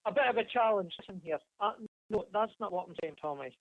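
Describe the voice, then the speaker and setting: A man's voice: sits high, fast, crowd noise. Man arguing on a dull lo-fi recording. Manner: earnest, argumentative. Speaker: guest. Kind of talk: heated debate. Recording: dull lo-fi sound.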